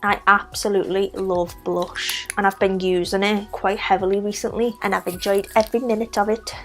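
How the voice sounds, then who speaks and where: A young woman with a broad Scouse accent narrates her makeup routine in a casual, chatty way, naming each product and brush as she goes. She drops in little self-deprecating asides. Faint music plays quietly underneath her mid-pitched voice. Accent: Scouse (Liverpool). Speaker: makeup vlogger.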